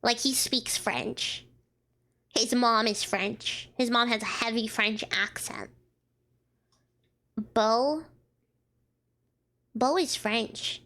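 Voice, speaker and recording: A woman's voice: fairly high pitch, drawn-out words, pauses often, pushed and bright. A woman streaming a story game, reading the lines aloud and breaking off into exasperated comments.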